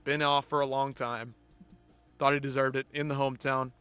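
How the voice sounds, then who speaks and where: A man's voice: mid-range voice, little pitch movement, moderate pace, fairly bright tone, smooth, soft background music. A man hosting a live post-fight show, ranting bluntly and with heavy swearing. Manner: blunt, profane, exasperated ranting. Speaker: host.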